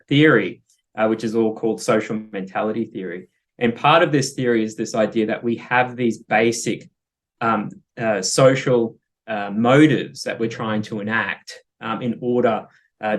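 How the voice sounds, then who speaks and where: Low-ish guy explaining stuff in an interview, lots of uhs and ums, chuckles here and there. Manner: thoughtful, hesitant with many fillers, laughs easily. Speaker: guest clinical psychologist. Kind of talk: interview conversation.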